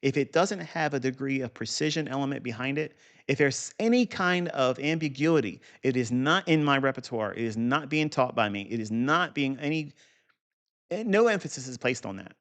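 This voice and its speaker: A gravelly man talks through a chart lesson, blunt and profane, bragging as he goes. His voice sits at an ordinary middle pitch. He speaks off the cuff into a desk mic. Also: animated, normal speed, fairly bright tone. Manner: blunt, profane, boastful, asides. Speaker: trading educator. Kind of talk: unscripted chart walkthrough.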